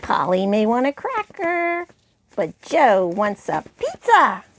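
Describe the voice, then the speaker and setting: Lady putting on a sassy parrot puppet guy, pitch jumping all over. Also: huge pitch swings, slow, a little hiss or hum, full character voice. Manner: sassy, defiant.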